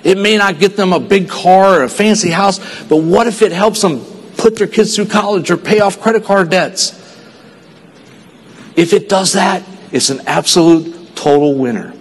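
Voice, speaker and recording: A man from Texas giving an earnest motivational stage speech at a sales convention, telling a story and dropping his voice quiet for the sad parts. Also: sits high, normal speed. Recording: long hall reverb.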